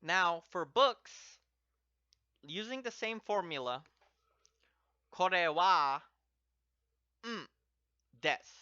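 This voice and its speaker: A man gives a language lesson at an unhurried, deliberate pace. He explains step by step and repeats each example word twice. His voice is bright and crisply clear, caught dry on a slightly muffled, lo-fi recording. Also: high-pitched, expressive, no echo. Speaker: language teacher.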